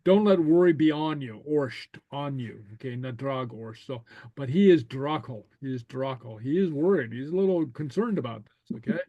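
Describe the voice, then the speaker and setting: In a relaxed language class, a man pronounces new words for his students to repeat, speaking slowly and hesitantly with frequent okays and soft chuckles. He has a mid-range voice; there's no echo, and the high frequencies are cut off.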